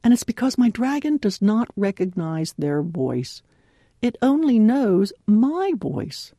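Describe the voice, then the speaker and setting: A woman giving a devotional talk in an earnest, clearly enunciated way, laughing often. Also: mid-range voice, sing-song, slow, dark tone, no echo, studio quality. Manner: clear, carefully enunciated delivery. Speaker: devotional speaker.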